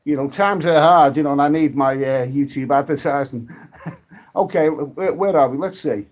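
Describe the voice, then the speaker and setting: A man from the UK, hosting a casual live stream, rambling and halting with many restarts while reading out viewer comments and drinking. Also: fairly high pitch. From United Kingdom.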